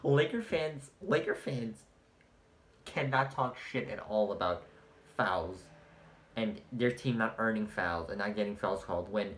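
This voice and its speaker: A man giving a profane, exasperated sports rant as the host of a vlog, mocking opposing fans and breaking into shouted outbursts. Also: on the low side, expressive, moderate pace, noisy background. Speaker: sports commentator. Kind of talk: ranting vlog monologue.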